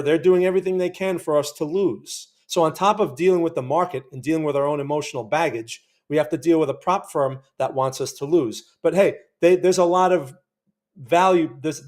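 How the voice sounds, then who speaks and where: Brief: male trading-stream host, slightly higher-pitched voice, chatty and excitable, keeps checking in with viewers. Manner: emotional, talks to the chart while trading. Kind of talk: live day-trading commentary.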